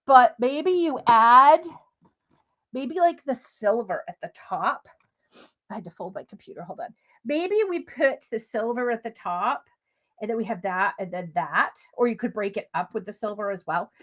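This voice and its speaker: A woman's voice: on the high side, lively intonation, moderate pace, a bit bright. A woman hosting a live crafting demo, chatty and gushing, talking straight to her viewers as she works. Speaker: crafting livestream host.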